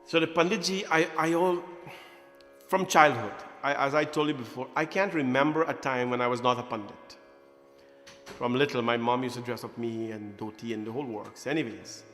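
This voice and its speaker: A man's voice: mid-range voice, moderate pace, fairly bright tone. A man in his forties, a temple priest, telling a childhood story at a prayer gathering, joking, laughing and acting out voices. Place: temple hall. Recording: echoey hall, faint music behind.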